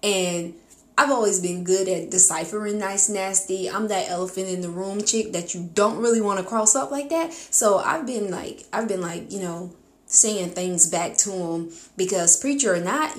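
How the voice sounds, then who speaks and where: A woman with a rural American accent, hosting a podcast and talking in a blunt, outspoken way, with lively outbursts. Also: fairly low pitch. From rural United States. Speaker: podcast host. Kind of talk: casual monologue. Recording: echoey room.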